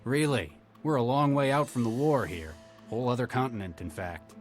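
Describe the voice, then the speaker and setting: An actor playing a calm, persuasive negotiator doctor with a Texan accent, speaking in measured tones. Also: male voice, mid-range voice, lightly acted. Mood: steady. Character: calm middle-aged male negotiator doctor. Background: game music.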